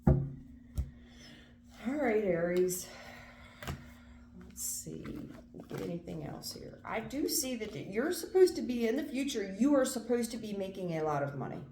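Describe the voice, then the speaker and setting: A woman's voice: mid-range voice, very animated, measured pace, pauses often, warm tone, roomy sound, a little hiss or hum. A woman doing a casual tarot reading, earnest and emphatic, repeating phrases and swearing now and then. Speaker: tarot reader.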